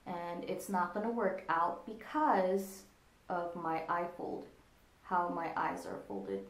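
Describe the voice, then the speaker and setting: A woman's voice: fairly low pitch, animated, takes it slowly. A woman talking through a casual makeup tutorial, explaining each step as she demonstrates it on herself at her desk. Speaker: makeup vlogger. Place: indoors at a desk with a monitor. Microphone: computer camera in front of her. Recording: echoey room.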